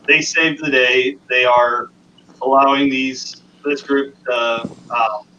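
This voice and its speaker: A man's voice: medium pitch, fairly even intonation, takes it slowly, sharp tone. A man casually sharing upbeat local news on a live stream. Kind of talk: casual chat. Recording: dull distant mic with faint noise.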